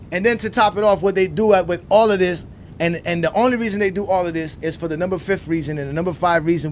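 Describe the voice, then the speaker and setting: A man hosting a sports debate show, ranting emphatically and repeating himself, swinging from loud outbursts to low muttering. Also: a little hiss or hum. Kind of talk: ranting commentary.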